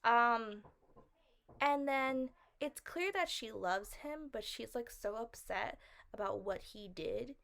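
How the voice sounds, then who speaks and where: Woman, rambling casual review, full of "like", pitched a bit high, puzzled questioning tone. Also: lively intonation, takes it slowly, creaky, a bit bright. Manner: rambling, fills with "like" constantly. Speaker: vlogger reviewing a film.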